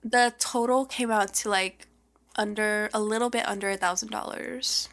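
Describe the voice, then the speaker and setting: Gravelly, bright-voiced chatty young woman. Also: mid-range voice, moderate pace. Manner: chatty, fillers "like" constantly, excitable gasps and squeals. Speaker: podcast co-host. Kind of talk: casual gossip chat.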